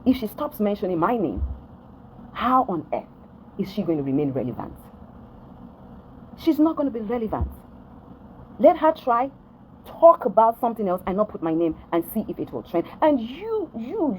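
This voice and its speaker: A Nigerian woman talking to her followers in a direct-to-camera rant, with a pitch that swings widely as she presses her point. She is emphatic and repetitive, circling back with "do you understand?" to drive each point home. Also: sing-song, moderate pace, pauses often, slight background noise, poor audio. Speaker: vlogger addressing followers.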